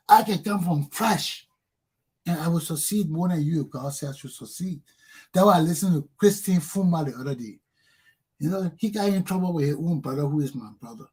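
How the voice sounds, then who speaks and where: A husky-voiced man with a Liberian English accent, pitched fairly high for a man. He rants in a heated, profane talk-show monologue, hammering phrases over and over. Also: darkish tone. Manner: angry, profane ranting with repeated "man". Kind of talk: impassioned political monologue.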